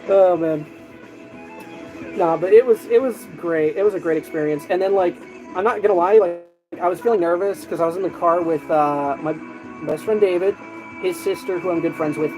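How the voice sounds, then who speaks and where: A man streaming, chatting casually and telling animated stories with lots of fillers and restarts. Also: on the high side, rough recording. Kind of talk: casual chat. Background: music.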